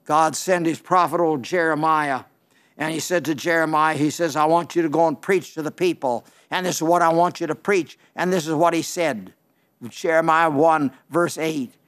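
Fiery high-voiced male preacher. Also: fairly even intonation, moderate pace. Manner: dramatic storytelling, swinging from loud outcries to hushed tones. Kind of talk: fiery televised sermon. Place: television studio.

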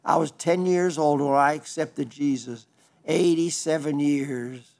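A man's voice: a little high, fairly even intonation, vocal fry, a little mellow. Folksy preacher in his nineties. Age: 90s. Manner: folksy, halting, with frequent restarts; fervent when praising the gospel. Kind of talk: radio sermon reading listener letters.

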